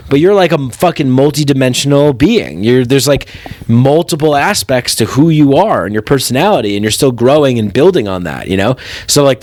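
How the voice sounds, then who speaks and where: A man's voice: medium pitch, no room sound. A man hosting a comedy podcast, riffing crudely and rambling, often slipping into mocking put-on voices. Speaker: podcast host.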